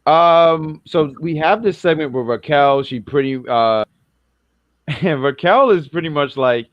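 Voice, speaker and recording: A man's voice: fairly high pitch, a little slow, no room sound, lo-fi sound. Rambling, jokey man from New York. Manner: rambling, self-correcting, jokey. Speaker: wrestling review co-host. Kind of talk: casual podcast chat.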